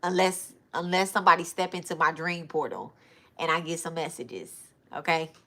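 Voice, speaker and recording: Chatty woman hosting a live stream, low but bright voice. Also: normal speed. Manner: chatty, loose and informal, addresses viewers as y'all. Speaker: spiritual reader and live-stream host. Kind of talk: casual live-stream chat.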